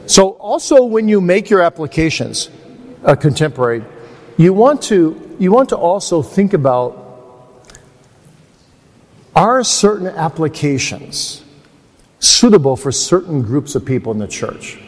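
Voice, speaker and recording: A man's voice: a little high, very animated, unhurried, pauses often. A man giving a conversational, anecdotal teaching sermon at a seminar, speaking with a self-deprecating manner. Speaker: preacher at a seminar. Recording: long hall reverb.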